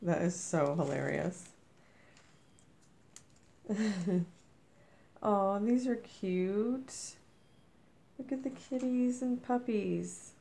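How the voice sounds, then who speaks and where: A woman chatting casually on a vlog as she unboxes mail, gushing and effusive. Her voice is squeaky with a gravelly fry, and she is a bit under the weather. She talks at an unhurried pace. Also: mellow. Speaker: vlogger opening mail.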